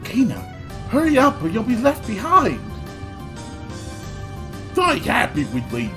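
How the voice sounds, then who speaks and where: A man's voice: extremely high pitch, huge pitch swings, a little slow, over music, pitched above the performer's own voice, exaggerated voice. A man doing a pidgin-talking food-mad creature. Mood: grumbling. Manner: broken, childlike grammar. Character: gluttonous frog-eating creature, blunt and food-obsessed. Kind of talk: video game dialogue reading.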